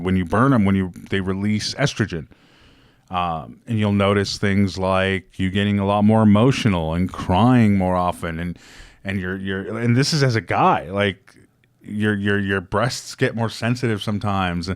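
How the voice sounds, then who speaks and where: A man's voice: lowish voice, smooth, dry recording, clean studio sound. A man co-hosting a podcast in casual chat, explaining things with frequent ums and uhs. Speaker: podcast co-host.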